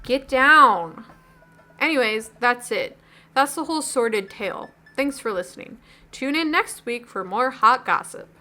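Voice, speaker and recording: A woman's voice: a little high, lively intonation, measured pace, pushed and bright, soft background music. A woman reading as an upset teenage girl. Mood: hurt. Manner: rambling, gossipy, dejected.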